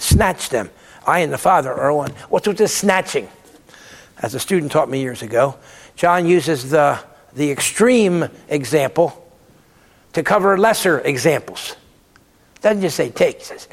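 A man's voice: a little high, animated, moderate pace, long reverb tail. A man giving a Bible lecture, emphatic and repeating words to stress his points. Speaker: theology lecturer.

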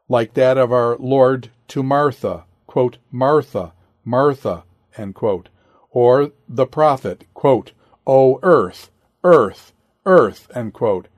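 A man reading an old sermon aloud in a deliberate manner. He announces "quote" and "end quote" and lifts his voice on the scripture he cites. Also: mid-range voice, a little mellow, no echo, studio quality. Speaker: sermon reader.

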